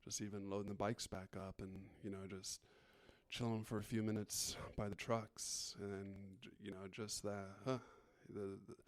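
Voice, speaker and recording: A man's voice: fairly low pitch, little pitch movement, normal speed, smooth. A man co-hosting a podcast, speaking in a reflective, meandering way with many fillers. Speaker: podcast co-host. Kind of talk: casual chat.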